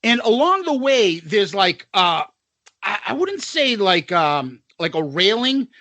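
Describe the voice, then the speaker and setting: A man co-hosting a podcast, telling a story in casual chat, animated and profane, acting out the people in it. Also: high voice, slow, no echo. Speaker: podcast co-host.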